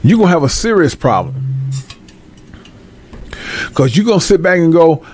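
A man's voice: a little high, big pitch swings, normal speed, long pauses, a little mellow, a little hiss or hum. Blunt, profane man ranting. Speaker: vlogger. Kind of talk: opinion rant monologue.

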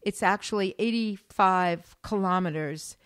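A woman's voice: medium pitch, a little slow, clean tone, dry recording. Teacherly American woman, dry sound. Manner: explanatory, teacherly, many fillers and restarts. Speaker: podcast co-host; former art school teacher. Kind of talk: casual travel podcast chat.

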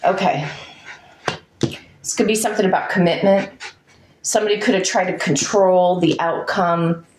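A woman's voice: on the low side, moderate pace, long pauses, darkish tone, a little hiss or hum. A woman giving a chatty tarot reading to her viewers, musing aloud over each card. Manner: chatty, talks to her dog between cards. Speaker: tarot reader. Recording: echoey room.

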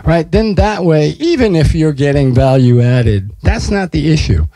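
A man's voice: fairly high pitch, very animated, moderate pace, dark tone, no room sound, poor audio. A man, telling stories in casual, profane conversation and acting out what people said. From United States. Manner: swears freely, acts out quotes in storytelling. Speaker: artist guest.

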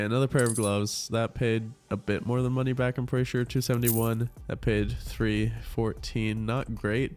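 Congested male host, casual cursing commentary, mid pitch, faint music underneath. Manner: swearing, frustrated, excitable. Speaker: gambling video host.

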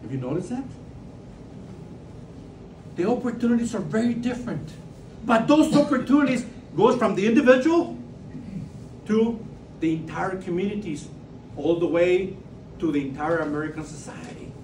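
A man with a Mexican Spanish accent lectures an audience, leaning on repeated words and rhetorical questions. His voice sits high. It echoes around the room and is picked up from a distance. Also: lively intonation, moderate pace, long pauses, darkish tone, a little hiss or hum. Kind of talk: public lecture. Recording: roomy sound from far off.

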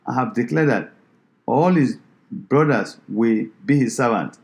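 A man voicing an old biblical father who speaks gravely and slowly, lowering his voice. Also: a little mellow. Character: old blind father in a Bible story, grave.

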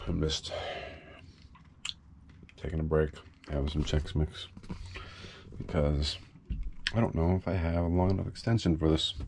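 A young man vlogging casually aboard his small sailboat, swearing freely with bursts of excitement. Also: low voice. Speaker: solo sailor vlogger. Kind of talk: casual vlog narration. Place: aboard a small sailboat, engine bay and open deck. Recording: noisy outdoor boat audio.

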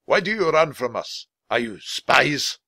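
A man's voice: medium pitch, very animated, measured pace, dry recording, clean studio sound, voice pushed up, heavily acted. A man voicing a stern, formal samurai warrior in a storybook reading. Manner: barking, loud, formal.

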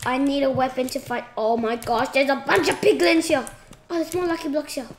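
A woman giving casual, excitable commentary while playing a game, shrieking at surprises. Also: high-pitched, a little fast. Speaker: gaming channel host. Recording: echoey room with clear noise.

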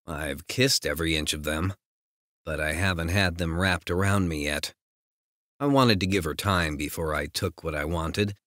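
Deep-voiced man narrating a romance. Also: fairly bright tone, dry recording, clean studio sound. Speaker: audiobook narrator. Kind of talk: first-person romance audiobook narration.

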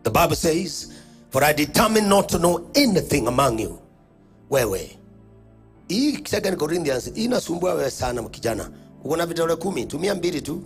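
A man's voice: big pitch swings, brisk, soft background music. A man with a Kenyan accent preaching at a church conference, calling out to the congregation and leading call-and-response. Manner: booming call-and-response preaching with sudden swings of pitch and volume. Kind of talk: sermon.

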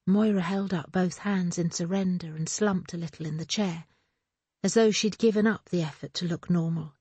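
A woman narrating an audiobook in a steady, measured way. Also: on the low side, husky, dry recording. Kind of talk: scripted narration.

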